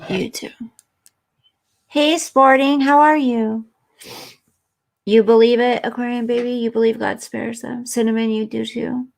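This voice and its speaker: A woman's voice: fairly high pitch, steady tone, measured pace, gravelly, pauses often. A woman hosting a live stream, chatting earnestly and emotionally with viewers and reading their comments.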